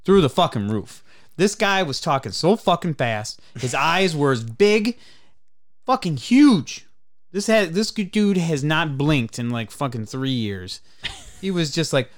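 A man hosting a podcast, telling a story in a casual, animated way, swearing often and laughing. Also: fairly high pitch, measured pace, no room sound, clean studio sound. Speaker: podcast host.

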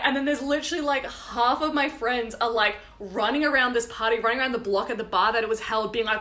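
Bright, animated young woman. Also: a little high. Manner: animated storyteller, quick asides and laughter. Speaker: podcast co-host. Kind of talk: casual chat.

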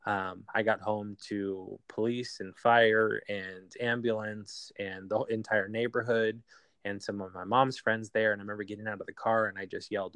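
A man telling a painful personal story in an interview, halting with many fillers and restarts. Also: lowish voice, flat delivery, fairly bright tone, clear, resonant tone, no room sound. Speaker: guest.

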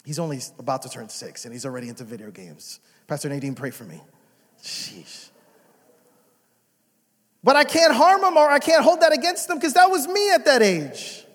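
A young adult man preaching a sermon as a pastor, moving from soft prayer to loud exhortation. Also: extremely high pitch, sing-song, fast talker, few pauses. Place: church sanctuary. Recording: reverberant church hall.

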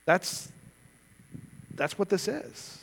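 High-voiced preacher man in a reverberant hall. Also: sing-song, drawn-out words, creaky, fairly bright tone, a little hiss or hum. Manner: earnest, conversational preaching with rhetorical questions. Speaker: pastor. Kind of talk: sermon. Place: church sanctuary.

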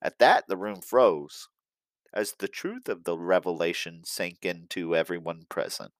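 A man reading his own storybook aloud as narrator, friendly and clear on a close mic. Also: low voice, unhurried, dry recording. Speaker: author narrating his book. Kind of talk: audiobook narration.

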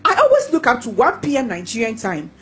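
A woman reading testimonies aloud in a lively, expressive way. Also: on the high side, a little fast, soft background music, low-quality recording.

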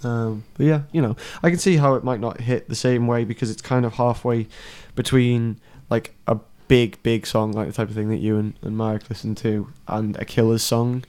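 A man's voice: medium pitch, steady tone, moderate pace, hardly any pauses, a little mellow, clear, resonant tone. A man co-hosting a music podcast, chatting casually, laughing and swearing as he talks. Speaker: podcast co-host. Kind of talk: casual chat.

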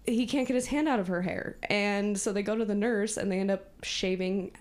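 A woman's voice: mid-range voice, fairly quick. Laughing woman recapping a movie. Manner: animated retelling, acts out characters' lines, laughs often. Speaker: podcast co-host. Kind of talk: casual movie recap chat.

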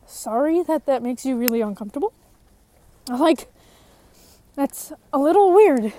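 A young woman with a high voice talks frankly about her own recovery. She is emotional and gets louder when frustrated. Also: lively intonation, normal speed, a little hiss or hum. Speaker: person in recovery sharing her story. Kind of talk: personal testimony.

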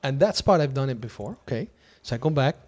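This man talks fast in a medium-pitched voice while hosting a podcast. In casual chat he tells a long personal story, animatedly acting out what he and others said.

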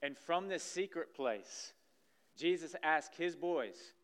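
Animated preacher with a smooth voice. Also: male voice, a little high, takes it slowly. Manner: animated preaching, acting out scripture scenes. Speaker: pastor. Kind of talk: sermon. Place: church sanctuary stage.

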